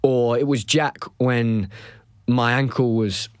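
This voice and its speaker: A man in his thirties telling a personal story as a podcast host, reflective and emotional, often pausing and restarting his sentences. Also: medium pitch, fairly even intonation, clean tone, no room sound, clean studio sound. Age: 30s.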